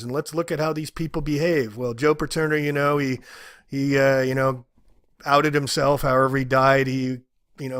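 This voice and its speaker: A man giving angry, indignant commentary, ranting with loud emphatic outbursts. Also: fairly high pitch, dry recording, studio quality. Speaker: video commentator.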